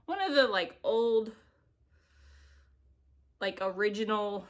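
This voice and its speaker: A woman's voice: medium pitch, slow, long pauses. A woman chatting casually to camera at home as a cross-stitch vlogger, giggly and self-deprecating, filmed by a camera set on an ironing board. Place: home, indoors.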